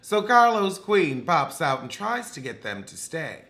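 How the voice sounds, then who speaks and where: A man's voice: on the high side, very animated, measured pace, fairly bright tone. A man recapping a reality show with sassy, dramatic, cutting humor.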